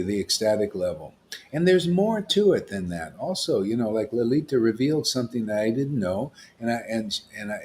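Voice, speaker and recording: A man's voice: mid-range voice, a little mellow, a little hiss or hum. A man giving an informal spiritual talk as a teacher, rambling and often checking in with "see?" and "you know.".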